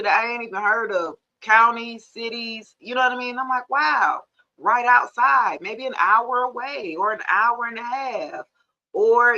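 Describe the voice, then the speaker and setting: A woman hosts a tarot live stream, chatting loosely and animatedly with viewers. Her voice is bright and forceful, and she talks in a lively, familiar way. The sound is slightly dull and lo-fi. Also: on the high side. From Georgia, US. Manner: chatty and animated, addresses viewers as y'all, laughs often. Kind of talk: casual live-stream chat.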